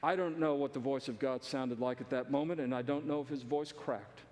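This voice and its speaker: A man's voice: medium pitch, fairly even intonation, brisk, darkish tone, big-room sound. A male pastor preaching a sermon in a church, emphatic and conversational, often repeating phrases.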